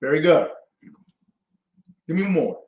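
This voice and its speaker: A man's voice: fairly high pitch, expressive, slow pace, darkish tone. A man leading a call-and-response Bible class, quizzing his students with emphatic questions. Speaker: class teacher. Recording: echoey room.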